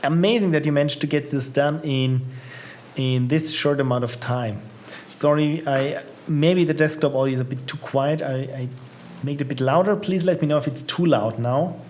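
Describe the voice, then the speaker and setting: A man's voice: on the high side, moderate pace, darkish tone, slight background noise. A man casually commenting while live-streaming and trying out indie games, chatty and upbeat, reacting aloud to what he sees. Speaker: streamer playing viewers' games.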